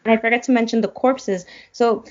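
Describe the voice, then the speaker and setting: A woman's voice: a little high, fairly even intonation, a little fast, dull audio. A woman guest in a casual chat, retelling a film plot and getting choked up as she goes. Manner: emotional, choked up while retelling. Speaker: podcast guest.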